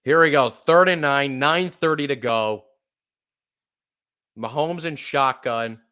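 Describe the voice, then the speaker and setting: A young man giving live, profane fan play-by-play of a football game, exasperated and bursting into loud outbursts. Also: medium pitch, takes it slowly, smooth. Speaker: podcast play-by-play host.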